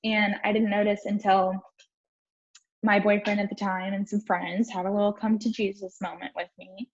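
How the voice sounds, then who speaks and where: A woman's voice: medium pitch, little pitch movement, normal speed. A young woman life coach telling her own story on a live stream, frank and swearing casually as she talks to viewers. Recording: dull lo-fi stream audio.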